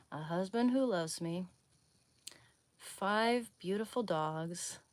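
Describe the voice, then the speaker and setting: A young woman chatting casually on a livestream while doing a face mask, wry and low-key.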